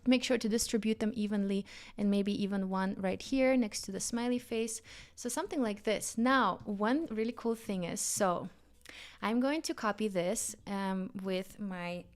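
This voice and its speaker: A woman hosting a live design tutorial, bubbly and enthusiastic, a bit out of breath from excitement. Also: mid-range voice, normal speed. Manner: bubbly and enthusiastic, frequent exclamations. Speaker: livestream design instructor.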